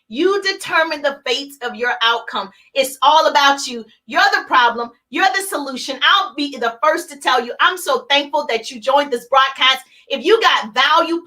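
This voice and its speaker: A woman hosts a live motivational broadcast, driving her points home in short, punchy, repeated phrases. Her voice sits very high and sounds bright and forceful. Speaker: host of a business coaching broadcast.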